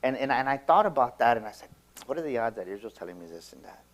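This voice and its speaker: A motivational speaker gives a seminar talk, sharing a personal story with emphatic delivery and acting out quoted dialogue. His medium-pitched voice is very animated and fast, with frequent repeated words and restarts.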